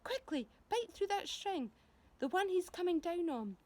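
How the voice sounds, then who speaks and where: A woman voicing an eager, brave young boy hero from a children's book, earnest and lively. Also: on the high side, moderate pace, lightly acted. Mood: urgent.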